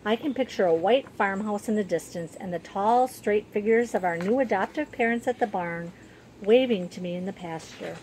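Lady reading a kids story, calm and gentle, noisy rumble behind. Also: normal speed. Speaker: narrator. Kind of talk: storybook narration, first person.

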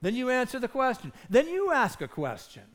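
Animated, high-voiced man preaching a sermon. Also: a little fast. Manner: earnest, emphatic, with rhetorical questions. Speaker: pastor.

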